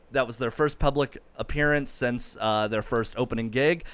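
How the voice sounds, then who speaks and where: A man's voice: medium pitch, smooth, no echo. A man hosting a comedy podcast in casual chat, telling stories loosely with many fillers.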